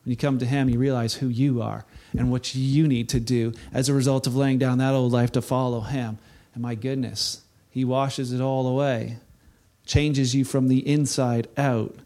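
A middle-aged male pastor preaching a sermon, earnest, rising to impassioned peaks and then dropping soft and low. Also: little pitch movement, moderate pace.

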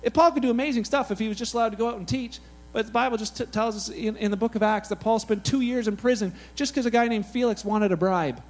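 A man preaching a sermon in a casual, animated, conversational way, telling Bible stories with lots of "like" and "you know". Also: extremely high pitch, fast. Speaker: pastor.

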